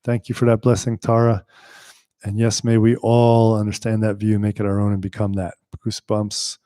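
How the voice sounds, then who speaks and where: A man teaching yoga on a live stream, telling lively stories and answering questions from the chat, often laughing and acting out the voices of people he quotes. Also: on the low side, moderate pace, dry recording, clean studio sound.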